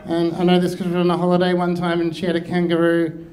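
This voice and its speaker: Flat, hesitant deadpan man. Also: sits high, fast, poor audio. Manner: hesitant, deadpan, full of ums. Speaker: stand-up comedian. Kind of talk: stand-up routine.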